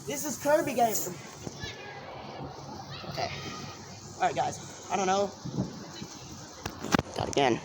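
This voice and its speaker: Jumpy guy filming on his phone outside, swears a lot, slow drawly talk, pitch going up and down. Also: sing-song. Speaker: vlogger. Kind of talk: casual vlog commentary. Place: outdoors at night during fireworks. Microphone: handheld phone camera. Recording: noisy outdoor phone recording.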